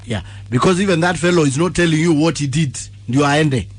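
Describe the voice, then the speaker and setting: A Kenyan man co-hosting a radio show, speaking emphatically in lively banter. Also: a little high, brisk, breathy edge. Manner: emphatic, mixes English and Swahili. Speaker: radio co-host.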